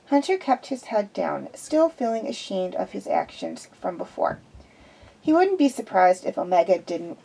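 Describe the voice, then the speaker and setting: A woman's voice: medium pitch, vocal fry, dark tone, poor audio. A woman reading fan fiction aloud in an unpolished way, with restarts. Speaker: reader.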